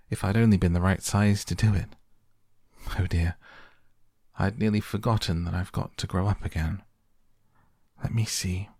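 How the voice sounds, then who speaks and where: Polite, earnest storybook girl, as a male reader gives her lines, a touch flustered and hurried when anxious. The voice is gravelly and husky, close and dry with no room sound. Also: lowish voice, dry recording.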